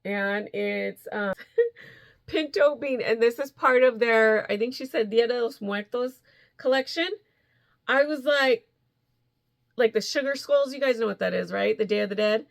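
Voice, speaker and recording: A woman chatting casually to her viewers in a yarn vlog, excited and gushing, laughing often. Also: a little high, measured pace, gravelly. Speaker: yarn vlogger. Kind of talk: casual chat to camera.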